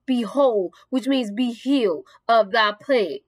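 A woman preaches an earnest sermon in a high, bright register, speaking. She reads scripture and speaks directly to singles. The sound is dry and close, with no room echo. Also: measured pace.

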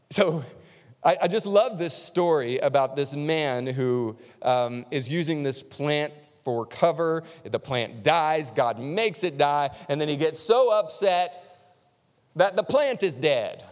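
A male pastor preaching a sermon in a conversational, emphatic way, repeating key lines for stress. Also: a little high. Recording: long reverb of a large hall.

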